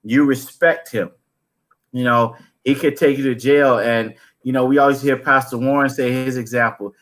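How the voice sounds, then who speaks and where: A man's voice: medium pitch, fairly even intonation, normal speed, a bit bright. A man hosting an interview, responding in an earnest, reflective, conversational way. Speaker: host. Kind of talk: casual interview chat. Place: interview studio.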